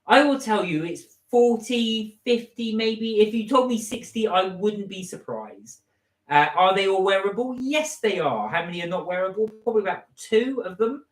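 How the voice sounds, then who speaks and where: A man's voice: high-pitched, expressive, moderate pace, fairly bright tone. A British man with a country accent co-hosting a live stream, teasing and reading viewer comments. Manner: teasing, reads comments aloud. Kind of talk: casual chat. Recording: echoey room.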